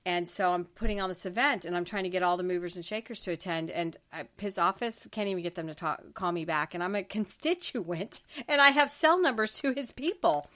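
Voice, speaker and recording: A woman's voice: lowish voice, a little fast, hardly any pauses, fairly bright tone. Emphatic, exasperated middle-aged woman host. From Florida Panhandle, US. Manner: emphatic, exasperated ranting with frequent restarts. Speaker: talk show host. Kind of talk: political talk show chat.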